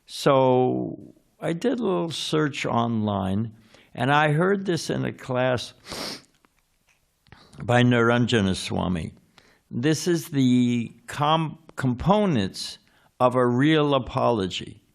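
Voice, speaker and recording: A man gives a relaxed sermon in a temple, with a gravelly, mid-pitched voice. He talks conversationally, throwing questions to his listeners and now and then pausing to hunt for the right word. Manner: conversational, asks the audience questions, searches for words. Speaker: swami giving a scripture class. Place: temple hall.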